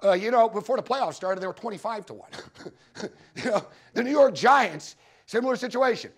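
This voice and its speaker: A man with a high-pitched voice presenting at a conference, spinning loose, profane stories about betting and hammering points home with repetition. He talks in a casual, animated way to a live room. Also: moderate pace, breathy edge. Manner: profane, storytelling, punchy repetitions. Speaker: sports betting show host giving a conference talk.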